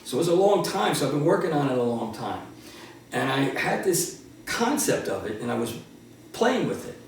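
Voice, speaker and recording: A man's voice: mid-range voice, moderate pace, slight background noise. Man in his sixties, echoey room. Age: 60s. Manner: animated, laughing storyteller. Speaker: martial arts instructor. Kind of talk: casual storytelling. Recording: roomy, distant from the mic.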